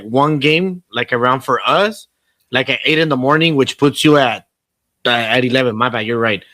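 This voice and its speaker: A man's voice: medium pitch, fairly bright tone, no echo. A man co-hosting a podcast in casual chat, telling rambling, profane stories and slipping into Spanish. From Southern California. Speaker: podcast co-host.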